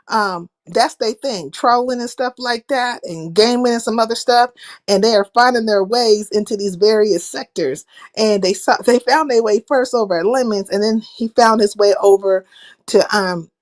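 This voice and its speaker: A woman hosting a casual livestream, ranting bluntly with plenty of profanity and stopping to greet viewers by name. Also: on the high side. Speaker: livestream host.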